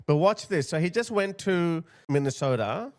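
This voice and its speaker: Man, channel host, high-pitched voice, blunt emphatic talk straight to viewers, casual commentary. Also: expressive, moderate pace. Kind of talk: casual commentary over video clips.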